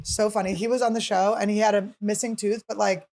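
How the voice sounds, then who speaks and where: Fast-talking woman hosting a podcast. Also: medium pitch, level tone, a little mellow. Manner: quick, joking, acts out quotes. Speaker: podcast host. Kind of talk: casual comedy podcast chat. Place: podcast studio.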